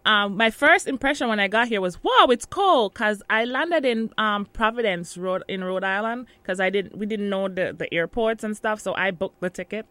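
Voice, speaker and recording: A woman's voice: mid-range voice, normal speed, hardly any pauses, sharp tone, dry recording. A woman in her thirties from Jamaica with a Jamaican accent, chatting casually in an interview and laughing often.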